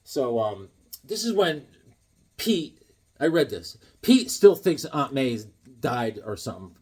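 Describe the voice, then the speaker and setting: A middle-aged man chatting casually as he shows off his comic books, telling stories in a lively way and laughing often. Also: mid-range voice, slow pace, slightly rough. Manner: animated storyteller, laughs often, acts out voices. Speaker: comic book collector vlogger. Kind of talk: casual chat showing comics.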